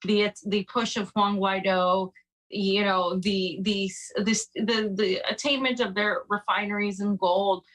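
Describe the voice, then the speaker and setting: A woman's voice: mid-range voice, fairly even intonation, measured pace, a bit bright, rough recording. A woman co-hosting a casual news commentary show, chatty and sarcastic, with many fillers. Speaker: co-host.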